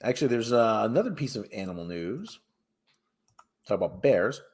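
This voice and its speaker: A livestream host with a fairly low, sing-song, slightly mellow voice chats loosely at a moderate pace. He reads news stories aloud, rambling and stumbling over the words.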